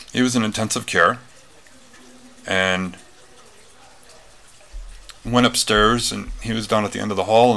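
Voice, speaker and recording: A man's voice: deep voice, vocal fry, sharp tone. A man telling a personal story in a casual talk, rambling with many fillers and restarts. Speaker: retreat speaker.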